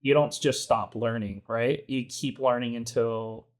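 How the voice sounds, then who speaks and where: A man's voice: mid-range voice, steady tone, a little slow. A man co-hosting a casual podcast about fatherhood, easygoing and talkative, often ending points with "right?". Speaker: podcast co-host, new father. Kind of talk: casual chat.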